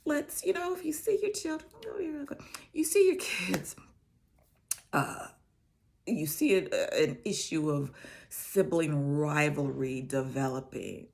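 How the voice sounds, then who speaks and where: A middle-aged woman casually retelling Bible stories and giving encouragement, chatty and animated, slipping into quick voices for the characters. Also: low-pitched, gravelly. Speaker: host sharing a personal testimony.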